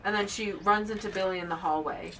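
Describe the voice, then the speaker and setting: A woman's voice: mid-range voice, brisk, fairly bright tone, recorded from a distance, slight background noise, low-quality recording. A woman co-hosting a podcast, recapping a movie's plot in casual chat, like a storyteller. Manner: chatty storyteller, reads quotes aloud with emphasis. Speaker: podcast co-host.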